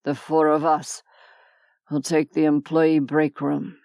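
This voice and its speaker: A worn-out male commander , as a woman narrator voices him, lays things out in a weary, matter-of-fact way. Low, smooth and dry, like a close audiobook read. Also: monotone, slow, dark tone, no echo. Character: exhausted, steady male commander.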